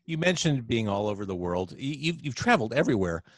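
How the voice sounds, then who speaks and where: A man's voice: mid-range voice, big pitch swings, quick pace, no echo. A man hosting a casual live video-chat podcast, upbeat and teasing his guest. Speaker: podcast host. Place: home, indoors. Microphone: video call.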